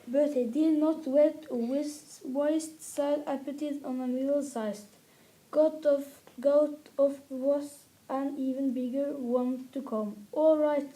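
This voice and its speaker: A woman with a Norwegian accent, her first language Norwegian, reading a fairy tale aloud haltingly, with restarts. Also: sits high, fairly even intonation, mellow, poor audio.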